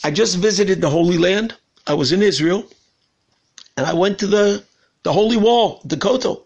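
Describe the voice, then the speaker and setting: Rabbi voicing a humble earnest Texan man, gravelly, husky. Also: high-pitched, moderate pace, lo-fi sound. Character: sincere Texan man Lenny, middle-aged, humble donor.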